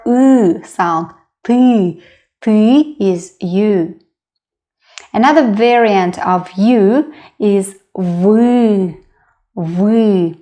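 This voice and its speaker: A young woman leads a beginner language lesson at a very unhurried pace. She models each sound, then repeats it patiently so learners can follow. Her voice sits at an ordinary middle pitch. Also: dark tone. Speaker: language teacher.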